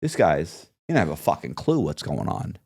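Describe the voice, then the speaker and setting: A man's voice: a bass voice, normal speed, breathy edge, no room sound, clean studio sound. A man guest in an interview, telling a long story and acting out the voices of others in it. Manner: animated storyteller, acts out quoted voices. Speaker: podcast guest.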